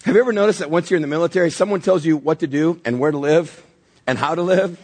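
A man's voice: a little high, fast talker. A middle-aged man preaching a sermon as pastor, telling stories and acting out voices as he goes. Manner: animated storytelling with acted-out voices.

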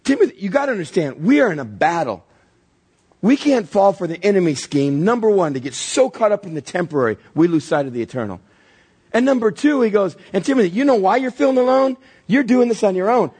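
Husky-voiced pastor preaching animatedly. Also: male voice, high voice. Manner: animated storytelling with acted-out voices. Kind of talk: sermon.

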